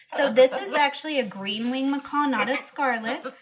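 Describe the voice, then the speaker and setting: Between replies to viewer comments, this young parrot owner chats easily on her live stream and coos baby talk at her pet bird. She speaks at a moderate pace in a voice that sits high.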